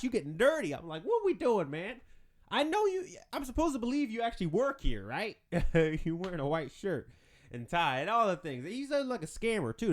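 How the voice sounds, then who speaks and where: Podcast host, man, casual comic riffing, lively up-and-down delivery, slightly high voice. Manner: animated, rambling, laughs at his own jokes. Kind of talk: casual comedic monologue.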